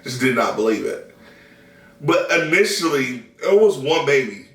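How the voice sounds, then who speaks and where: In a laid-back vlog chat, a new father and vlogger from the Southern United States tells a story, cursing and laughing freely. His medium-pitched voice is a bit bright and swings widely in pitch, at a moderate pace. Echoey room, distant mic.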